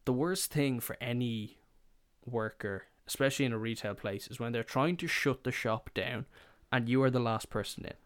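A man's voice: mid-range voice, normal speed, smooth, dry recording. A young man hosting a podcast, telling rambling, profane, self-mocking work stories in casual chat. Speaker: podcast host. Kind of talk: casual storytelling.

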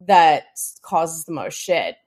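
Chatty woman with a low voice. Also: big pitch swings, takes it slowly, darkish tone. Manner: chatty, full of "like" and "um", swears freely. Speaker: podcast co-host. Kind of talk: casual TV recap chat.

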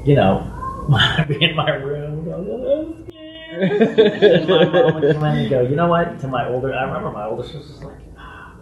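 Animated man telling stories off-mic. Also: fairly quick, far from the mic, highs cut off, crowd noise. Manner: animated, acts out quoted voices with big pitch jumps. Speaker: guest actor. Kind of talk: casual interview storytelling. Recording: echoey room, off-mic with faint ambience.

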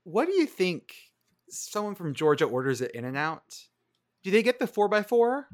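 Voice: medium pitch, big pitch swings, normal speed. A co-host on a casual sports podcast, chatting and telling stories. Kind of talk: casual chat.

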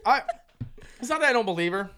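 Male podcast co-host, lively storyteller who swears and shouts out the quoted lines. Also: extremely high pitch, quick pace, gravelly, clear, resonant tone. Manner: animated, swearing, acts out quotes loudly. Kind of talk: casual storytelling.

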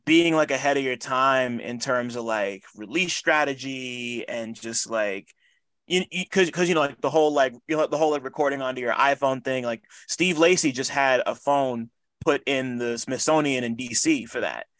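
A man's voice: medium pitch, moderate pace, fairly bright tone, no echo. A man interviewing a guest in a casual chat, rambling through his questions with many filler words.

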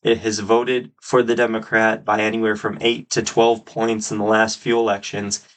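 A man hosting his own podcast, giving solo political commentary with emphatic, drawn-out stresses on key words. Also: lowish voice, level tone. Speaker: podcast host.

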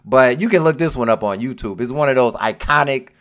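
A speaker giving a casual countdown of wrestling moments, excitable, laughing and acting out scenes in quoted voices. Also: medium pitch, brisk. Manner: laughs while telling. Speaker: wrestling commentator.

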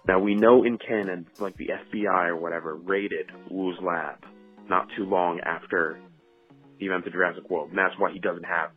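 A man's voice: low-pitched, fairly even intonation, moderate pace. A man calling in with a chatty, rambling voicemail review, full of fillers. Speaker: caller leaving a voice message. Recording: dull, muffled phone audio, faint music.

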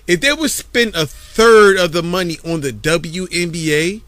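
A man arguing on a podcast in a heated casual debate, loud and insistent, repeating himself when interrupted. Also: high-pitched, moderate pace, dry recording. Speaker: podcast co-host.

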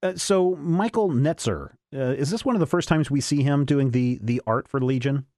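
A man's voice: mid-range voice, normal speed, a little mellow, no room sound, studio quality. A man co-hosting a casual comic-book podcast, joking and breaking into silly voices. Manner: jokey, slips into silly voices. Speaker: podcast co-host.

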